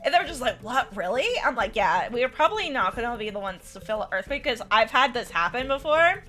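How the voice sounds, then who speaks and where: A woman's voice: a little high, sing-song, fairly quick, bright, forceful tone, soft background music. A young woman teacher chatting casually while she plays a game, rambling with many fillers and restarts and laughing often. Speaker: teacher and content creator. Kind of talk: casual storytelling chat while gaming.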